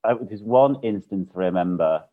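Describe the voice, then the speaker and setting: A British man telling a lively anecdote in casual chat, laughing as he goes. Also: fairly low pitch, moderate pace. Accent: British English. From Britain. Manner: chatty storyteller, laughs often. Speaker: guest. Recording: phone-like narrow sound.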